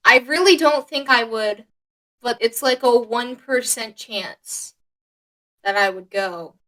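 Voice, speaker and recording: A woman's voice: fairly high pitch, slow pace, fairly bright tone. A young woman co-hosting a podcast in casual chat, hesitant and joking, with frequent fillers. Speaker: podcast co-host.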